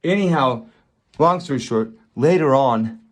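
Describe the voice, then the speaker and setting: Husky man rambling through a movie review. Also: medium pitch, measured pace. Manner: rambling, excited, repeats himself. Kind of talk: casual movie review vlog.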